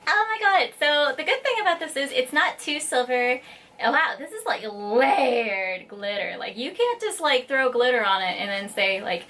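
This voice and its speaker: A young woman filming a casual unboxing vlog in her home workshop, bubbly and quick to squeal and giggle with excitement. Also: a little high, a little hiss or hum. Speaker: vlogger.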